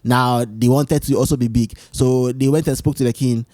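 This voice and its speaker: A man hosting his own solo talk show, rambling and animated as he tells stories, often restarting his sentences. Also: medium pitch, moderate pace, no room sound, clean studio sound. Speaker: podcast host. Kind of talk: casual solo chat.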